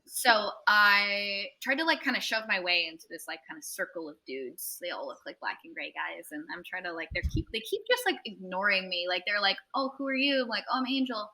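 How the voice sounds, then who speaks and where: A young tattoo artist tells a long anecdote in a casual interview, animated and swearing freely as she acts out other people's voices. Her mid-range voice moves briskly with hardly any pauses.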